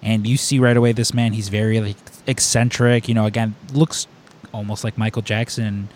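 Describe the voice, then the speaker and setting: A man's voice: fairly low pitch, fairly quick, slight background noise. A man hosting a podcast, talking casually and rambling with lots of filler words as he tells a story. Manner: animated storyteller. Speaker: podcast host. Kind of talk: casual chat.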